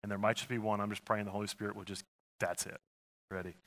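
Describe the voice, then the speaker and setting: Bright-voiced man preaching with call-and-response. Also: lowish voice, flat delivery, quick pace. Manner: call-and-response preaching, voicing Jesus in quotes. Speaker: pastor. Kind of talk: sermon.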